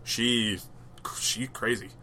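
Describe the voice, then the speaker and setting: A man's voice: medium pitch, steady tone, takes it slowly, bright, forceful tone, a little hiss or hum. A man co-hosting a podcast, chatting casually and rambling about movies, swearing now and then. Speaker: podcast co-host. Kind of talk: casual chat.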